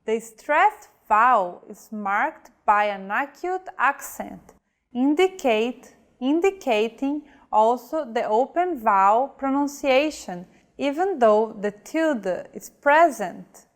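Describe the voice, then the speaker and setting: Slow, careful woman teaching pronunciation. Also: fairly high pitch, expressive. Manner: slow, carefully enunciated example words. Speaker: language teacher. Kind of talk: scripted language lesson.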